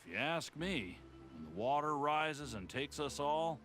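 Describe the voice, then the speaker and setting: A man's voice: a little high, very animated, measured pace, a bit bright. An actor playing a dreamy young man in a game, speaking in a wistful, reflective way. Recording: game audio under music.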